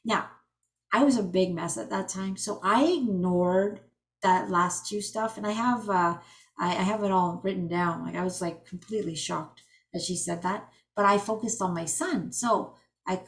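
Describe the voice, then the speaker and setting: A woman's voice: mid-range voice, normal speed. Chatty woman telling her story. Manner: chatty, animated storytelling with restarts. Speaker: energy healing coach. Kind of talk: personal storytelling on a group call. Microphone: video call.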